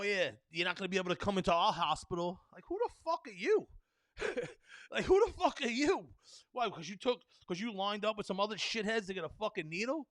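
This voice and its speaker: A man's voice: high-pitched, fairly bright tone, dry recording. A man in his thirties from the New York area, hosting a solo podcast and ranting in a rambling, profane way with lots of fillers; he says he is a little tired. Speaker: podcast host.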